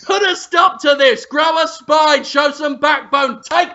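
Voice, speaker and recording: A man's voice: high-pitched, a little slow, bright, forceful tone. A man voicing a furious, foul-mouthed, unhinged celebrity chef who screams insults. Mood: screaming. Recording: dull lo-fi audio.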